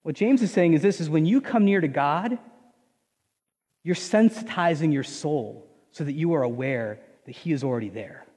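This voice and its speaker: A man's voice: a little high, lively intonation, normal speed, dark tone, slightly rough, in a large hall. A man preaching a sermon as pastor, conversational, with frequent restarts and acted inner voices.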